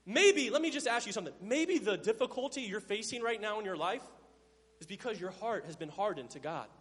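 A male pastor with a high-pitched voice delivers a sermon, swinging between loud emphasis and hushed asides. He acts out the lines of Bible figures playfully. The sound carries the long reverb of a big hall. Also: expressive, fairly quick, breathy edge.

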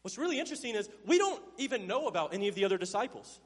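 A man preaching a sermon as pastor. He swings from loud emphasis to hushed, low tones and acts out Bible characters' lines in playful voices. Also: sing-song, racing, slightly rough, big-room sound.

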